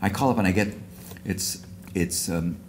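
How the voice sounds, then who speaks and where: Deep-voiced older man telling a rambling story. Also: moderate pace, slight background noise. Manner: rambling storyteller with many restarts and asides. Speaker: award speaker. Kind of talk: anecdotal speech at a luncheon. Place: luncheon hall.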